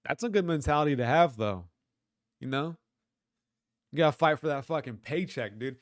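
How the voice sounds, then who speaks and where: A man's voice: on the high side, expressive, normal speed, dry recording, studio quality. A man hosting a livestream, reading chat and talking back to it in a rambling, profane, slangy way. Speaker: livestream host.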